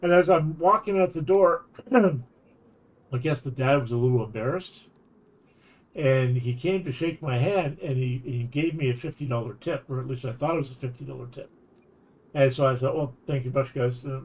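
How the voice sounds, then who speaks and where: A man's voice: medium pitch, normal speed. A man streaming while telling a long anecdote in a casual, rambling way, often restarting his sentences. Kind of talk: casual storytelling chat.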